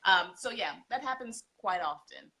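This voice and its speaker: A woman's voice: mid-range voice, moderate pace, breathy edge. A woman, a homeschooling mother telling heartfelt stories as a podcast guest. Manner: heartfelt, tearful, expressive storytelling. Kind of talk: emotional podcast interview.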